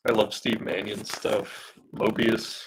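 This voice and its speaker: A man's voice: on the low side, flat delivery, slow, background noise. A man streaming a live drawing session, losing his voice from smoke, chatting in a rambling, hesitant way with many fillers and reading out viewer comments. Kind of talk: casual live-stream chat while drawing.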